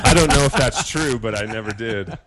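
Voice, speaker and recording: A man's voice: medium pitch, brisk, over a noisy crowd. A middle-aged man, a former football player raised in Minnesota, chatting casually as a guest with lots of fillers. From northern Minnesota, raised in Twin Cities. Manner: relaxed, rambling with fillers. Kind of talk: casual interview chat.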